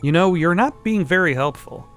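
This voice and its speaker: A man's voice: high-pitched, expressive, normal speed, a bit bright, voice pushed up. A persistent young woman investigator asks question after question, as a man voices her. The reading stays close to an everyday voice, over faint game music. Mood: pressing.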